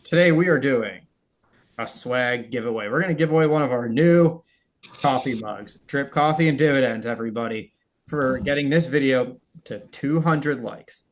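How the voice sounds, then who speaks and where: A man's voice: mid-range voice, moderate pace. A man co-hosting a dividend investing show in casual chat, explaining things steadily and laughing easily.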